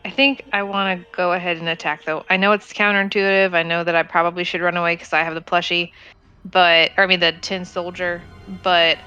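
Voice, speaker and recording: Woman player, bright and sharp tone, slightly low pitch, chatty and thinking aloud. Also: flat delivery, fairly quick, smooth, lo-fi sound, soft background music. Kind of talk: casual tabletop play.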